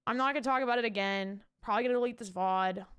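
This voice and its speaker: A young woman streaming live, chatting and ranting to her viewers in an animated way, swearing casually. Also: a little high, very fast, clear, resonant tone, highs cut off. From Canada. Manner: animated, ranty, swears casually, talks to chat.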